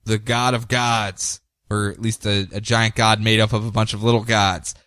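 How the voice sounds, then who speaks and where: A man co-hosting a podcast, casually recapping comic book stories in an animated way and slipping into quick character voices. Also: on the low side, no room sound, clean studio sound. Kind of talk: casual chat.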